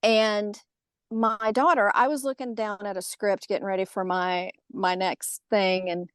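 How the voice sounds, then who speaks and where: A middle-aged woman with a Southern American accent, a podcast guest telling a personal story in casual conversation, lively and acting out the voices she quotes. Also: medium pitch, a little slow, no room sound. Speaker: podcast guest, haunted tour organizer.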